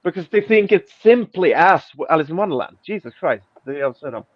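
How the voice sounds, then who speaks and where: A man's voice: a little high, expressive, fairly quick, hardly any pauses, dry recording. A man hosting a casual podcast chat, mocking and swearing as he reads out an online argument. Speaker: podcast host. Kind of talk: casual chat, reading out tweets. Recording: dull lo-fi, dry.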